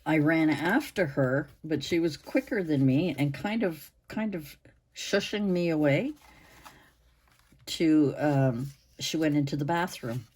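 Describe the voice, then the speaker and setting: A woman in her sixties hosting her own channel, chatting to camera in a rambling way with pauses and restarts, her voice hoarse and interrupted by coughs. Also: sits low, expressive, a little mellow. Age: 60s. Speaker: channel host. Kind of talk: casual chat to camera.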